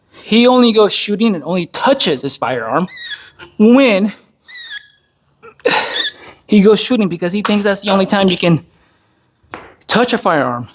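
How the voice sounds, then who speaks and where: A man's voice: high voice, a little hiss or hum. A man who is an army veteran, tired and worn down, speaking in a blunt and heavily profane casual monologue. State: tired, worn down by recent illness.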